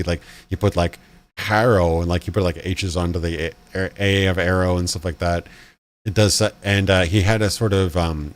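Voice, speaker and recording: Man, very low pitch, casual live commentary, rambling, restarts. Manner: rambling, many fillers and restarts, laughs. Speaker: channel host.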